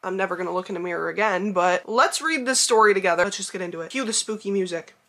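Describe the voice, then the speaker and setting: A woman's voice: mid-range voice, fast talker, a bit bright. A young woman YouTuber reading a creepy story aloud, chatty and breaking off to joke about it. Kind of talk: reading a scary story aloud with casual asides.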